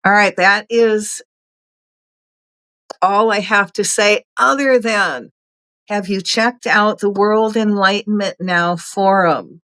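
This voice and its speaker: A woman's voice: medium pitch, steady tone, takes it slowly, a bit bright, no echo, low-quality recording. A middle-aged woman hosting a casual spiritual talk, earnest, chatty and encouraging. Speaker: host.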